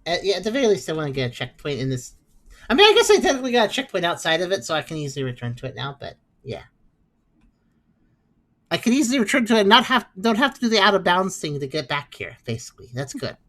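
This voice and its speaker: A woman's voice: lowish voice, sing-song, fast talker, a bit bright. A woman streamer giving chatty, playful commentary while she plays a game. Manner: chatty, reactive, playful asides. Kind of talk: casual gameplay commentary.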